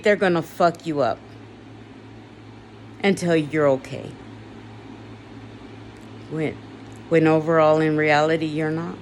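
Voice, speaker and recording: A woman vlogger delivers a raw, personal confessional monologue in a low, steady voice. She speaks slowly, weary and emotional, turning bitter with blunt swearing. There's slight background noise.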